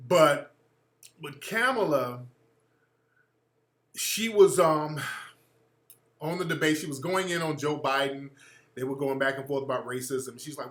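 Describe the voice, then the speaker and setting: A man's voice: on the high side, unhurried, pauses often, reverberant. A man hosting a radio show, delivering a blunt, profane political commentary monologue. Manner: blunt, profane, animated ranting.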